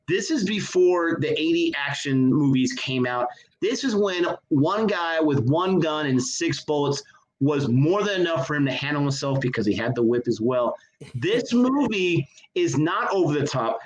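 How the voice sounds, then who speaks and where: A man in his thirties talks eagerly about a favorite film in a casual review chat. His voice sits a little high, and he gushes about everything he loves. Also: very animated, moderate pace, low-quality recording. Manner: enthusiastic, gushing. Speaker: co-host of a movie review show. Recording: connection issues on the audio.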